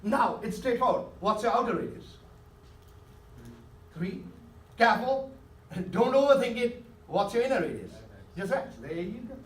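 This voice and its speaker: A man with a very high-pitched, animated voice teaches math a little slowly, leaving long pauses while he coaxes students and keeps checking they follow. The lecture, with questions to the class, is recorded from far off in an echoey classroom with faint hiss.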